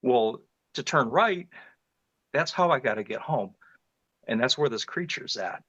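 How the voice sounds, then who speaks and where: A man's voice: medium pitch, expressive, measured pace, bright, forceful tone, no echo, muffled recording. A middle-aged man from northeast Ohio, an interview guest earnestly recounting a frightening encounter in vivid detail, often restarting his phrases. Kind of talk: personal storytelling in an interview.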